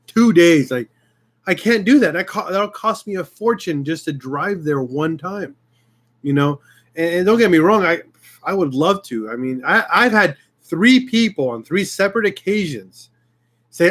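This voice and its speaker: A man's voice: fairly high pitch, normal speed, a bit bright. A man hosting his own channel, talking casually and heartfelt to his viewers, getting emotional and restarting often. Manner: rambling, heartfelt, many restarts. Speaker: YouTube channel host. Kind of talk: casual live-stream chat.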